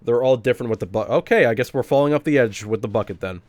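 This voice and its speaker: A man's voice: mid-range voice, fast talker, darkish tone. A young man casually commenting on a game during a live stream, chatty and swearing often. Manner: chatty, profane, laughing often.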